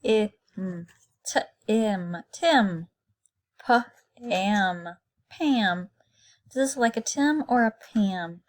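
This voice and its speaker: A woman's voice: a little high, lively intonation, very slow, long pauses. A woman teaching kindergarten phonics, patiently sounding out letters and words for young children.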